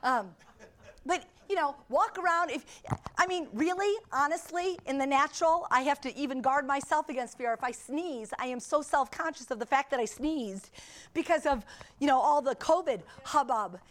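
A high-pitched middle-aged woman preaches a sermon to her church congregation. She leans on repetition and emphasis, breaking off now and then for casual asides to the people in the pews. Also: moderate pace.

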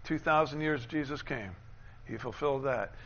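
On a lo-fi recording, a man with a mid-range voice preaches as a pastor. His sermon swells into loud, emphatic declarations, broken up by quick, conversational asides.

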